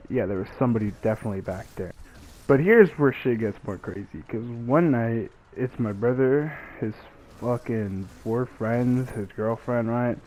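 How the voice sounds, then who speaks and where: A man's voice: lowish voice, slight background noise, low-quality recording. A young man telling a story in casual, profane speech, acting out what people said. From Mexican family. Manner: profane, animated retelling with acted quotes.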